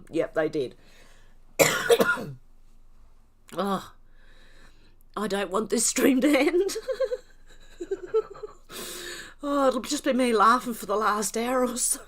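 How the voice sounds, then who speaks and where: Slow-talking older woman, giggling. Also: medium pitch, fairly bright tone. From Australia. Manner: laughing helplessly, snorting, breathless giggles. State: tearful from laughing. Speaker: livestream host. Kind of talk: casual livestream chat reading comments.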